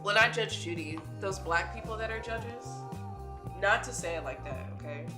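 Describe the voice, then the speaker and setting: A woman's voice: mid-range voice, expressive, normal speed. A woman streamer with a stuffy nose, chatting casually and swearing often. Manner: chatty, swears a lot, says "dude" often. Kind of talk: casual chat. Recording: echoey room with music playing.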